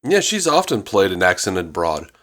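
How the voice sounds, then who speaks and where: A man's voice: low-pitched, very animated, moderate pace, fairly bright tone, a little hiss or hum. A man co-hosting a podcast in casual review chat, blunt and wry, laughing and swearing casually. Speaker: podcast co-host.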